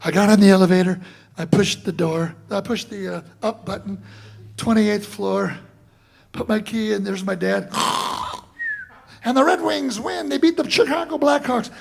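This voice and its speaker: A man teaching a drum masterclass, telling a long story in an animated way and acting out other people's voices with shouts. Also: high voice, moderate pace, gravelly, a little hiss or hum. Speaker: drum clinician. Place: college classroom before an audience.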